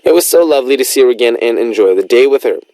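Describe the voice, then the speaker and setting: Playful male radio DJ with lively delivery. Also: medium pitch, rapid-fire, no echo. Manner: playful, teasing, chatty. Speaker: radio DJ host. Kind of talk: radio show hosting, reading listener messages.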